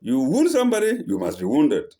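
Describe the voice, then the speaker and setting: A man gives a verse-by-verse scripture lesson. He recites each line and then translates it slowly, correcting himself and asking "eh?" as he goes. His pitch leaps up and drops widely, and his tone is dark and relaxed. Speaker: Quran teacher.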